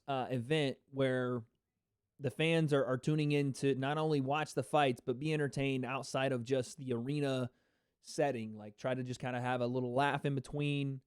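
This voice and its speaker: A man chats through a livestream reaction in a loose, rambling way, laughing and swearing casually. His voice sits slightly high for a man. The sound is dry and close, with no room around it. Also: clear, resonant tone, dry recording.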